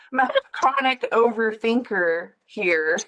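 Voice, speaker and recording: A woman's voice: a little high, very animated, very slow, a bit bright. A woman hosting a podcast in casual conversation, reflective and thoughtful, who laughs easily. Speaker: podcast host.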